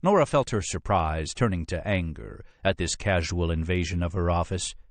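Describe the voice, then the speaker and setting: Deep-voiced man narrating a thriller audiobook. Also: no echo. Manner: expressive, measured storytelling. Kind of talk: scripted narration.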